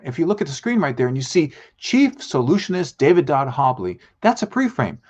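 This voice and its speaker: A man coaching an online audience on a live show, his voice rising and falling a lot as he acts out little scenes. His voice sits a touch high, and the sound is somewhat dull and lo-fi. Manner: animated, acts out quoted lines. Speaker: host and speaking coach.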